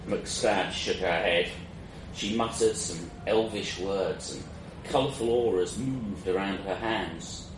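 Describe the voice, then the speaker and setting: A man's voice: deep voice, slow. A man narrating a first-person fantasy story in a wry, self-mocking way, in a roomy, distant, noisy recording.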